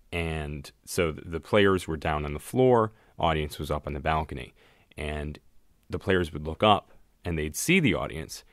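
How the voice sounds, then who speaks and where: A man's voice: very deep voice, no room sound, clean studio sound. A man co-hosting a podcast in casual chat, laid-back and joking, with frequent hesitations. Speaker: podcast co-host.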